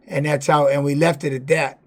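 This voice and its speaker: Guy streaming live, kinda high voice, rambles and cusses a lot, super candid. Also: flat delivery, brisk. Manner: rambling, heavy swearing; candid personal storytelling. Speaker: streamer and former fighter. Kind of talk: casual livestream chat.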